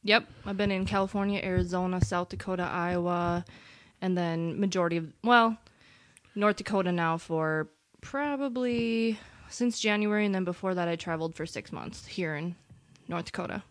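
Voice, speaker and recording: A woman guest on a casual podcast, talking about her work as a traveling nurse. Her voice sits somewhat low, and she explains things plainly. The recording is dry and close. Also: normal speed, no room sound. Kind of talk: casual interview answers.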